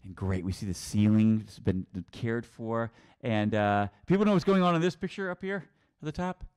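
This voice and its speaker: A man's voice: mid-range voice, moderate pace, darkish tone, clean tone. A middle-aged man from New England giving a casual virtual tour, rambling with many restarts and chuckles. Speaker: tour guide and teacher.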